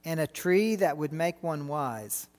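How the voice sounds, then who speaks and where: A middle-aged man preaching a sermon, animated and full of rhetorical questions to the congregation. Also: fairly high pitch, a little slow, long reverb tail.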